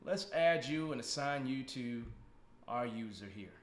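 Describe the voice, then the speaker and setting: A man's voice: mid-range voice, animated, unhurried. Joking man hosting, echoey room. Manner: joking, teasing, laughs often. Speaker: podcast host. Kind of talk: casual live-stream chat. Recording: roomy echo.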